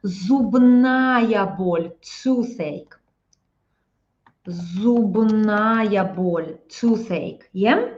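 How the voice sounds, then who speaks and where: A woman with a Russian accent teaching a live-stream lesson, explaining slowly, repeating phrases and checking in with "yeah?". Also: fairly high pitch, a little mellow, muffled recording.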